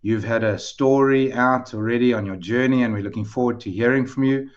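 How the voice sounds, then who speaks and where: A man's voice: mid-range voice, brisk, muffled recording. A man hosting an online information session, welcoming viewers and introducing the panel in a chatty, upbeat way over a video call. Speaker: webinar host, head of school.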